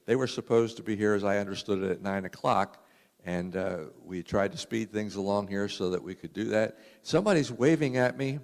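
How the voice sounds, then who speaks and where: A man's voice: fairly low pitch, brisk, gravelly. A man giving casual announcements to a community meeting, chatty with small fillers. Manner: relaxed, chatty, with frequent uh fillers. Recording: echoey community hall.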